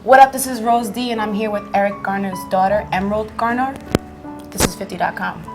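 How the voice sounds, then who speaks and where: A woman interviewer asking short, relaxed questions and nudging her guest along with soft hums. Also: mid-range voice, brisk, loud music behind the voice. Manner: relaxed, short gentle prompts and backchannel hums. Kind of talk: casual interview.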